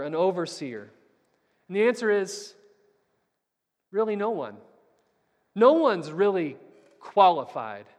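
A man preaching a Sunday Bible class sermon, telling a story earnestly and swinging from loud to very soft. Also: high voice. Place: church. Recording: long church hall reverb.

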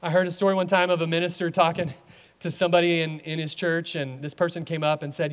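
A man preaching a sermon as a pastor, animated, acting out voices in his stories. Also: on the high side, brisk, long reverb tail.

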